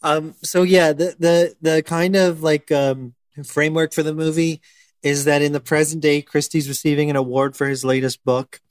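A man's voice: fairly high pitch, little pitch movement, normal speed, clean tone, no room sound. A man explaining a film's framing in blunt casual chat, with swearing.

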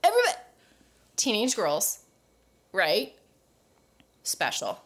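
A woman's voice: mid-range voice, wildly swooping pitch, takes it slowly, fairly bright tone. A woman co-hosting a podcast, chatting casually, swearing freely and acting out quoted voices. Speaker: podcast co-host. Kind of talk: casual chat.

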